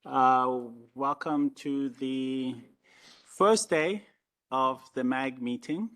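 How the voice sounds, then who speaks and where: A man giving procedural announcements at the opening of a formal meeting, measured and instructive, with some fillers. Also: medium pitch, fairly bright tone.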